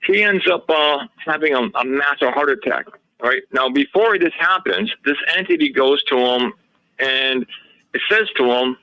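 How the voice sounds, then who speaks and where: A man's voice: medium pitch, lively intonation, normal speed, dry recording, muffled recording. A man talking as a radio show guest, telling a long story in a rambling way and often quoting what others told him. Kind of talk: casual interview storytelling.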